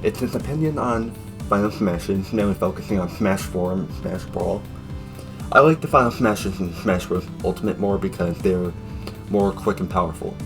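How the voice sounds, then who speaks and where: A man's voice: low voice, moderate pace, over music. A man narrating a casual video review in an offhand, sarcastic way, dropping joking asides. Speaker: YouTube reviewer.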